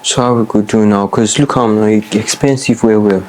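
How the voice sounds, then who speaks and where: A man's voice: lowish voice, fairly even intonation, normal speed, a crowd in the background, natural voice. An actor with a Nigerian accent playing a worried man asking about his broken TV. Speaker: customer. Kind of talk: film drama acting.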